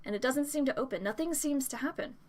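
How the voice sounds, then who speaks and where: A woman's voice: high-pitched, lively intonation, fast, a little mellow, a little hiss or hum. A woman narrating a tabletop game as dungeon master, describing scenes with frequent fillers.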